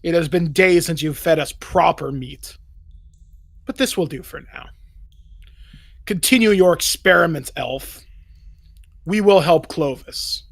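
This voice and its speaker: A warlike orc mercenary, as a game master puts him on, hungry and commanding in a tabletop game. He talks in slow declarations with a dry, close sound. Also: on the high side, creaky, no echo.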